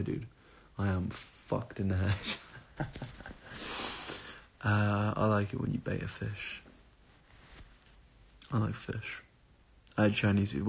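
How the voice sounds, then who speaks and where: Up at an odd hour and clearly tired, a young streamer chats on his phone stream, reading viewer questions aloud and rambling through answers. His voice is low, gravelly, and husky, and he wanders off topic and swears now and then.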